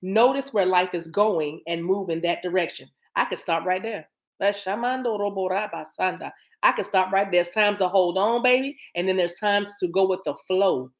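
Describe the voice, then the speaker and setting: A woman's voice: on the low side, normal speed, few pauses. Chatty woman doing a card reading. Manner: reads card text aloud, then riffs and repeats phrases to viewers; chatty and familiar, addresses viewers as y'all. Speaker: spiritual card reader. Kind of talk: live-streamed oracle card reading.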